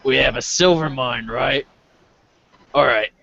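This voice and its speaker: A man's voice: medium pitch, fairly bright tone, muffled recording. A man playing a tabletop game, talking casually and swearing now and then. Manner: slow, gravelly, swearing casually. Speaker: player.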